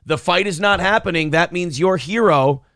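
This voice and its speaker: A brash man co-hosting a morning live stream, his voice sitting a little high for a man. He reads viewer messages aloud and trash-talks rivals with cocky swagger. The sound is dry and close, with no room in it. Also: moderate pace, fairly bright tone, no room sound. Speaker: co-host of a morning show. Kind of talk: casual live-stream banter.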